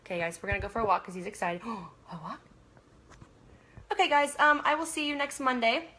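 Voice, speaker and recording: A woman's voice: high voice, lively intonation, very fast, sharp tone, a little hiss or hum. A young woman from Canada hosting a casual livestream, reading viewer comments aloud, laughing often and trailing off mid-sentence. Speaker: livestream host.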